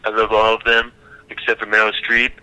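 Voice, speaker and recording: A man doing a rambling impression of a blustering politician, his voice bright and sharp. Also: lowish voice, completely flat delivery, a little fast, clean tone, poor audio. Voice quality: rambling, nonsense-spouting.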